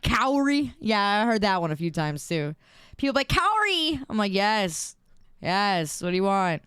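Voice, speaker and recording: A woman's voice: medium pitch, moderate pace, clear, resonant tone, no room sound, studio quality. A young woman streamer in casual chat, reading viewer messages aloud and giggling often.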